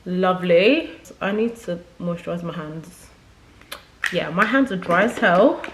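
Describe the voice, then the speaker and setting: A woman's voice: lowish voice, expressive, unhurried. A young woman beauty creator chatting casually to camera from a makeup setup at home, rambling and effusive.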